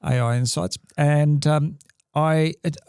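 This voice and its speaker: A man with an Australian accent, co-hosting a podcast in a casual chat and talking in halting bursts full of restarts and fillers. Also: fairly high pitch, steady tone, darkish tone, clear, resonant tone, no room sound, clean studio sound. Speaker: podcast co-host. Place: podcast studio.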